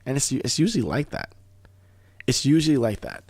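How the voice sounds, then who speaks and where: A man hosting a talk radio show, telling stories in a casual, animated way, often restarting words. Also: medium pitch, husky, no echo. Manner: animated storyteller, fast bursts, repeats and restarts words. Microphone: studio microphone.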